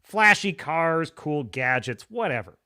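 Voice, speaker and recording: A man hosting a live stream, ranting through animated, profane commentary. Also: on the high side, measured pace. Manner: animated, swearing, exclaiming. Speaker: host of a live show.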